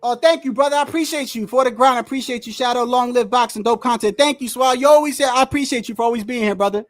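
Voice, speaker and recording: Live and excitable, a stream host calls a fight as it happens, frequently exclaiming, swearing freely and speaking directly to the fighters and the referee. The voice is mid-range with a quick pace, and chat messages from viewers are read aloud.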